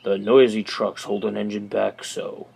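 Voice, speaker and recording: Guy doing a big proud boasty storybook train engine, kinda low, grumbles slow and cross. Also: level tone, vocal fry, a little mellow, slightly rough, full character voice. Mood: grumbling.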